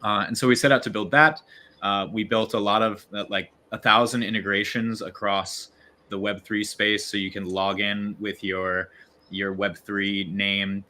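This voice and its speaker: Low-pitched and fairly flat in pitch, this Virginian man speaks unhurriedly in a pushed, bright voice. As a growth lead guesting on a casual livestream over video call, he describes his work with frequent fillers, restarts and hesitation.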